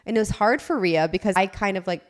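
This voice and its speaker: A woman's voice: mid-range voice, fast talker. A woman in casual podcast chat, speaking directly and assertively. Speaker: podcast guest.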